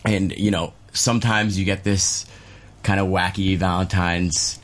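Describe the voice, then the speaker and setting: Deep-voiced easygoing man chatting. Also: flat delivery, measured pace. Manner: rambling, easygoing, many fillers. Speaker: chef and restaurateur guest. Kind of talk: casual radio chat.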